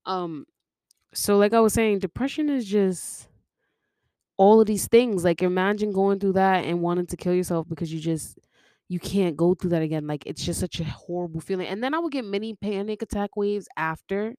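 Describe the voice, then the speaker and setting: This young woman's podcast monologue is a casual, confessional personal story that drifts between tangents, with frequent laughter. She speaks at a normal pace in a dark, mid-range voice. It's studio quality, with no room sound at all.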